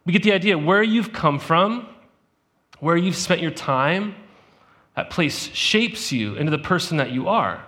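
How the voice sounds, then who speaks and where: A man's voice: on the high side, animated, a little slow, pushed and bright. Conversational man preaching a sermon. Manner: conversational, asks the congregation questions. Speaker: pastor.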